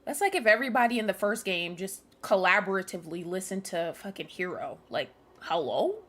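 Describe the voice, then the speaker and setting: A young woman streamer with a medium-pitched, slightly bright voice talks briskly as she comments on a game live. She rants angrily and swears at the characters.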